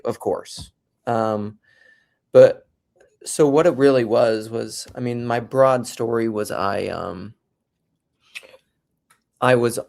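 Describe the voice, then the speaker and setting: Man, middle-aged, from South Dakota, lowish voice, rambling casual storytelling, restarts a lot. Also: creaky, darkish tone. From South Dakota, USA. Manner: rambling, self-interrupting storyteller. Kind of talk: casual conversational chat.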